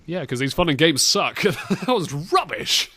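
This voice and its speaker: A man's voice: fairly high pitch, big pitch swings, a little slow, bright, forceful tone, no echo. A man hosting a podcast in casual comedic banter, mocking clips and bursting into silly impressions. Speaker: podcast host.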